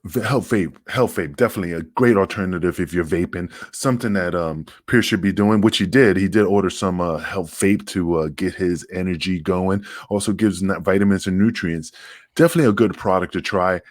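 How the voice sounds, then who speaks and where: A man with a New York accent and a low voice, chatting casually as a podcast co-host. He rambles and restarts his sentences often. His voice sounds dry and close. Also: fairly quick, no room sound. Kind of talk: casual chat.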